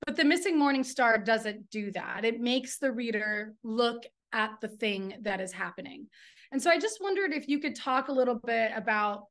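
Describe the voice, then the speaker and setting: A woman author and professor interviewing a fellow writer over a video call, talking quickly and effusively, laughing often. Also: on the high side, a bit bright. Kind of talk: virtual book launch conversation. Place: home in Texas.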